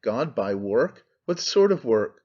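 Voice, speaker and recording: A man reading an audiobook voices a cold, aloof aristocrat who speaks in a reserved, measured way. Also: mid-range voice, very animated, darkish tone. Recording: slightly dull lo-fi sound.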